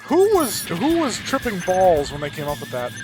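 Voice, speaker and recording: A man's voice: high-pitched, wildly swooping pitch, moderate pace, rough recording. A man hosting a let's-play, commenting in a rambling, profane, digressive way. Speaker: gaming channel host. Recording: game music playing underneath.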